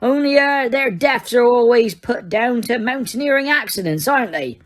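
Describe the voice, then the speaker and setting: A huge bearded gamekeeper with blunt, dialect-heavy talk, as a woman reads him in a storybook audiobook. The voice sits higher and louder than her plain narration. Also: expressive, moderate pace, close to an everyday voice. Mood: gruff. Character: huge gruff bearded gamekeeper man, secretive.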